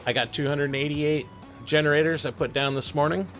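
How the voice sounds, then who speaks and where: Guy streaming a game, gravelly voice, mumbles to himself then talks to chat, faint music behind. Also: on the high side, fairly even intonation, brisk, fairly bright tone. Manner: mutters half-sentences to himself, then chats to viewers. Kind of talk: casual live-stream commentary while playing.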